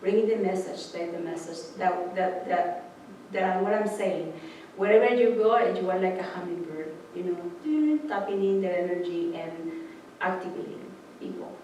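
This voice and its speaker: A woman's voice: lowish voice, normal speed, mellow, a little hiss or hum. Woman preaching informally, acts out voices w laughs, echoey room from far off. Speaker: spiritual speaker. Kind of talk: informal sermon storytelling.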